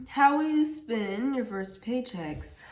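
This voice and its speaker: A young woman talks through viewer questions in a relaxed, chatty way. She laughs often and wears her feelings openly. The room around her is echoey. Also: a little high, slow, very noisy. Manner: giggly and emotional, laughs often. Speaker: vlogger answering viewer questions. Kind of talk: casual Q&A chat. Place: home.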